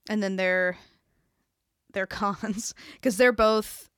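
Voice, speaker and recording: A woman's voice: medium pitch, steady tone, slow, clean tone, dry recording, studio quality. A young woman co-hosting a podcast in casual chat, often laughing and quoting scenes. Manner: giggly, quotes scenes in bursts of laughter. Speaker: podcast co-host.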